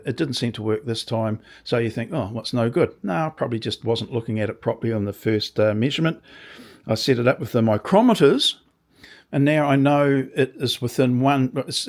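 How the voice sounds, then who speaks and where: A man talks through a demonstration in his small workshop at a relaxed, rambling pace, often stopping to correct himself. His voice is a little croaky from sawdust and sits at an ordinary middle pitch. He drops in dry, understated asides. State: slightly croaky from dust. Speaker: workshop video maker.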